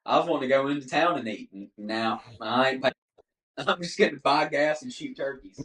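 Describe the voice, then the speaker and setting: Man, 30s, lively podcast guest, mid-pitch, recorded off-mic in an echoey room. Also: a little fast. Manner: animated, laughs often, says "dude" a lot. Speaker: guest hunter. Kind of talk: casual storytelling on a podcast. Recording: roomy, distant mic.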